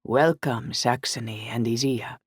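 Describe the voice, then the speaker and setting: A woman's voice: rumbling low, measured pace, slightly rough, no echo, studio quality, full character voice. A woman voicing a friendly young glassblower with a playful, showman-like manner.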